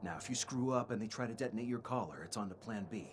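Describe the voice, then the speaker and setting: A man voicing a scheming ally in a video game, speaking in a low-key, conspiratorial, matter-of-fact way. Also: animated, quick pace, a little hiss or hum, lightly acted.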